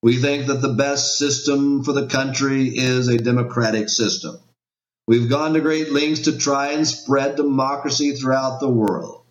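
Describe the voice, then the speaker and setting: A man's voice: medium pitch, steady tone, a little slow. A man preaching a sermon as pastor, reading scripture aloud with emphatic rises and drops. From United States. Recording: echoey room, dull lo-fi sound.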